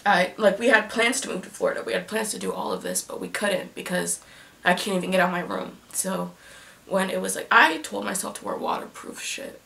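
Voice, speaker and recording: A young woman vlogger gives a halting, emotional personal confession at home, often close to tears. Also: fairly low pitch, sing-song, gravelly, pushed and bright.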